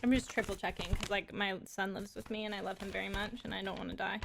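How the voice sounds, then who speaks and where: A woman's voice: medium pitch, little pitch movement, quick pace, vocal fry, a bit bright, slight background noise. A woman live streaming from home, talking in a rambling, casual way and swearing and laughing often.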